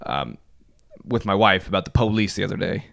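A man co-hosting a casual podcast, telling animated stories with mock outrage. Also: deep voice, brisk, creaky. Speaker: podcast co-host. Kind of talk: casual chat.

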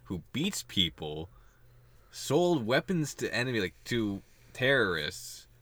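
A young man co-hosting a casual podcast chat, joking and laughing often, then settling into lower, explanatory stretches. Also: very animated, slow pace, a bit bright, no room sound. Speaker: podcast co-host.

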